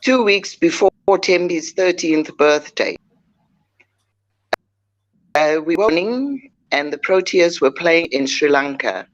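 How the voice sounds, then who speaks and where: An older woman, a guest telling a personal story in a measured, heartfelt way with frequent pauses. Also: fairly low pitch, expressive, lo-fi sound. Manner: measured, heartfelt, pausing often.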